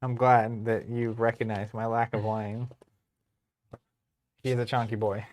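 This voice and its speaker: A young adult man co-hosting a livestream, calmly talking through cards as he builds a deck, with a dry sense of humor. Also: medium pitch, a little slow. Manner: relaxed, dry humor, lists card names. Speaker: stream co-host. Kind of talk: casual livestream chat while deckbuilding.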